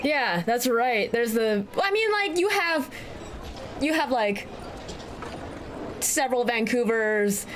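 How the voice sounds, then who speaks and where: A woman's voice: fairly high pitch, animated, slow pace, long pauses, a little hiss or hum. A woman co-hosting a let's-play, chatting casually in a joking, rambling way with some swearing. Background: game music.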